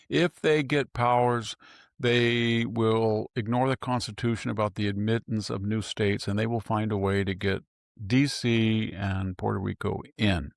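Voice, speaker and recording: Low gravelly older man, emphatic. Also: dry recording, studio quality. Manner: emphatic, rhetorical questions, repeated phrases. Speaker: political commentator guest. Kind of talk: opinionated interview talk.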